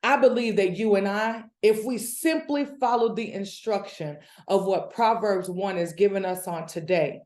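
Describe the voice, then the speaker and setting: Animated woman preaching, echoey room. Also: medium pitch, moderate pace, few pauses. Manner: animated preaching, builds in excitement. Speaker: devotional speaker. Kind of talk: devotional Bible teaching.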